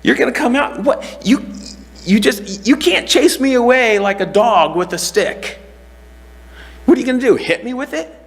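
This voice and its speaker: A man voicing a boastful, mocking giant warrior, his voice pushed high and loud with scorn. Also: lively intonation, moderate pace, big-room sound. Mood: scornful. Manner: scornful, taunting, high-pitched.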